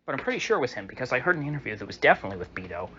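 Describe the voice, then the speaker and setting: A man talks through a solo commentary monologue with a sarcastic, mocking edge and the odd chuckle. His voice sits at an ordinary middle pitch. The recording is a little dull and muffled, with a faint hiss underneath. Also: sing-song, rapid-fire, pushed and bright. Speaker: political commentator.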